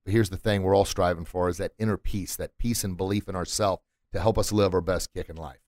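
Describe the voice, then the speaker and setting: A middle-aged man hosts a motivational podcast from a studio, talking fast in a low, steady, slightly mellow voice with no room sound. Using a studio mic, he preaches emphatically and drives points home by repeating words.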